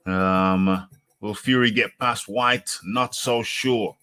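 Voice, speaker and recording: A man's voice: on the low side, steady tone, slow pace, bright, forceful tone, clear, resonant tone. A man hosting a live show in a casual, teasing way, who repeats himself for emphasis and talks about himself in the third person. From United Kingdom. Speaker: host.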